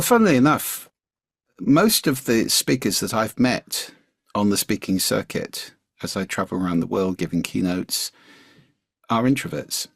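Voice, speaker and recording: A man's voice: gravelly, slightly rough, dry recording, clean studio sound. A man speaking as a guest voice coach on a podcast, explaining points expressively and demonstrating intonation as he goes. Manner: demonstrative, varies pitch widely to illustrate. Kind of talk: podcast interview.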